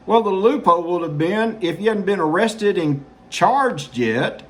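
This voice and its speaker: A man's voice: high voice, expressive, unhurried, fairly bright tone. A man hosting a political commentary show, sarcastic and mocking as he reacts to news. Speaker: host.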